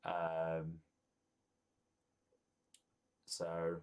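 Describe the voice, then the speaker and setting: Lower-voiced man narrating a tabletop game. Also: completely flat delivery, a little mellow, clear, resonant tone. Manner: halting, many ums and restarts. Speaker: game master.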